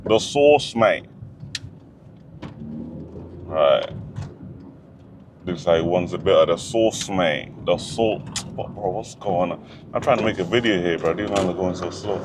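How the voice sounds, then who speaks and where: Young guy, relaxed slangy car-vlog chatter, mid pitch, heavy engine noise under the mic. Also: unhurried, pauses often. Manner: casual slang-heavy chatter, laughing often. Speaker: car vlogger. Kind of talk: driving commentary. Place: inside a car on the road. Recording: loud engine and road noise.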